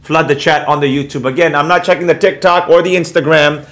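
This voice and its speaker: A high-voiced middle-aged man talks straight to his viewers in a brash, lecturing way, repeating himself for emphasis. He shifts into reading chat names and answering them off the cuff. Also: fairly quick. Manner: animated, repeats points for emphasis. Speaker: trading educator and channel host. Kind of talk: casual monologue to viewers, reading live chat.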